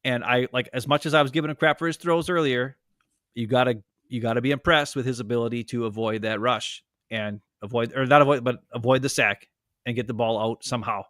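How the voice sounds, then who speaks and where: A man co-hosting a casual sports chat, rambling and animated, breaking into goofy voices now and then. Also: mid-range voice, fairly quick, no echo, studio quality. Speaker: podcast co-host. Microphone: home streaming setup.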